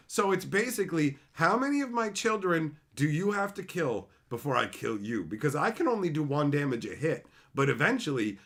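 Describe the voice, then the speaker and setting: Host, male, animated storyteller, bright voice with lots of pitch swing. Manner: playful, excitable, slips into voices. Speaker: channel host.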